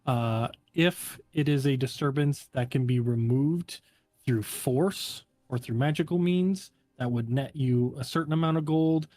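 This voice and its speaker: Relaxed man running a tabletop game. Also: medium pitch, dry recording. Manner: relaxed and halting, many fillers. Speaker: game master.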